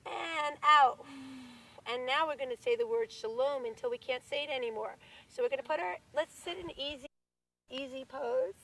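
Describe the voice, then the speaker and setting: A woman with a hoarse voice leading a children's yoga class outdoors in a park, encouraging the kids and asking them questions. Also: sits high, moderate pace, a bit bright, recorded from a distance, rough recording. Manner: encouraging, leads by example, asks the children questions. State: losing her voice, hoarse. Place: outdoors in a large city park.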